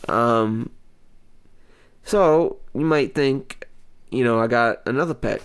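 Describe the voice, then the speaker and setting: A man hosting a comedy show, telling a rambling personal story with many pauses and mock-dramatic outbursts. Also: medium pitch, smooth. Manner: hesitant, full of ums, mock-dramatic outbursts. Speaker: comedy podcast host. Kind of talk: rambling comic monologue.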